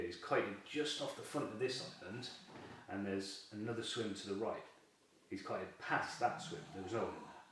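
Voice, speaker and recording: A lowish-voiced man tells a story in a loose, chatty way and breaks into laughs often. He sits well back from the mic in a very echoey room, with a faint hiss behind him. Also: far from the mic. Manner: lively, chatty, laughs often while telling the tale. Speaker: carp angler, fishing team member. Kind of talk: casual storytelling in an interview.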